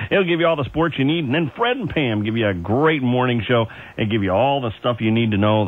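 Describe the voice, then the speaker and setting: A man working as an overnight radio DJ, chatting in a folksy way with chuckles and asides between oldies. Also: mid-range voice. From Ohio. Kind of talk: casual on-air oldies patter. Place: radio studio. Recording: tinny AM radio aircheck with faint music.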